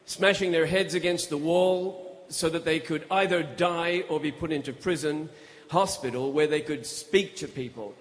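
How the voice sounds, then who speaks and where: A man giving a storytelling speech on stage as a guest speaker, in a measured, grave way. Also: fairly high pitch. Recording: echoey hall.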